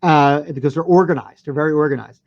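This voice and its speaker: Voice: mid-range voice, fast talker, a little mellow, lo-fi sound. A podcast co-host in casual movie review chat, rambling and swearing with lots of restarts.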